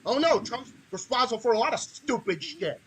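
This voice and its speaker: Bright-voiced man in an angry rant. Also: very high-pitched, animated, brisk, breathy edge, rough recording. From Massachusetts, USA. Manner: angry, profane ranting with mocking voices. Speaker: podcast host. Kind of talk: political rant.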